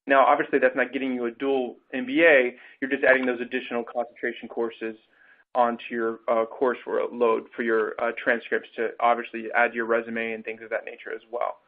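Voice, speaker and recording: A man runs the question section of an online program webinar, reading questions aloud and pausing on many fillers. His pitch is middling and the line is narrow and phone-like. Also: completely flat delivery. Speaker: enrollment advisor hosting Q&A.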